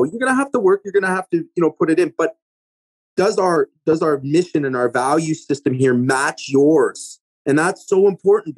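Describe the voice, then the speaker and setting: A husky-voiced man speaks in a casual podcast conversation. He is emphatic and coaching, and keeps checking in with his listener. The sound is dry and close, with no room around it. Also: a little high, darkish tone, no echo.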